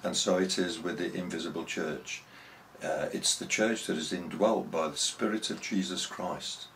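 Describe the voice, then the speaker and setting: Deep-voiced preacher. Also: male voice, fairly even intonation, moderate pace, a bit bright, a little hiss or hum, low-quality recording. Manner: earnest storytelling with rhetorical questions. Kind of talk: sermon.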